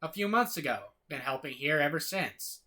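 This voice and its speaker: A man reading a cold, bitter male scientist's lines aloud, flat and curt. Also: fairly high pitch, moderate pace, voice pushed up.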